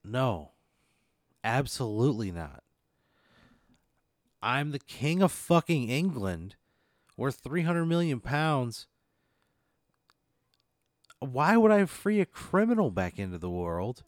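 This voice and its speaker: A man's voice: mid-range voice, very animated, takes it slowly, pauses often, no echo. Male player, blunt and cussing, dry mic. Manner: blunt, swearing, incredulous. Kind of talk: casual role-play banter.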